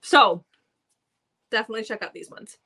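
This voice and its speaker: A woman's voice: on the high side, expressive, normal speed, sharp tone, husky. An American woman co-hosting a book review stream, chatting eagerly about audiobooks with plenty of fillers. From United States. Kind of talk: casual chat. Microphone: live stream mic.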